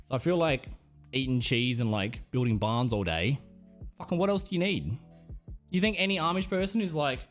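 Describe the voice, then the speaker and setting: A man's voice: mid-range voice, animated, normal speed, soft background music. A young Australian man streaming live, rambling through casual stories with plenty of swearing. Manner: rambling, profane storytelling. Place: home streaming setup.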